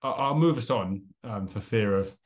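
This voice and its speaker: Co-hosting a relaxed podcast, a young man with a fairly low voice talks at normal speed. He tells a story animatedly, laughing often and acting out the quotes.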